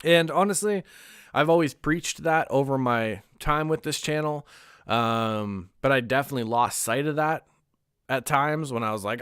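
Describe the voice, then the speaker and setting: A man's voice: mid-range voice, moderate pace, a bit bright, clear, resonant tone, no echo, studio quality. A young man chatting casually on a livestream, candid and rambling, swearing now and then and laughing often. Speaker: streamer.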